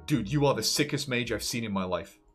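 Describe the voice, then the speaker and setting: A man's voice: medium pitch, a little fast, soft background music. A man streaming a game, chatting in a laid-back, rambling way and swearing casually. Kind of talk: casual gaming chat.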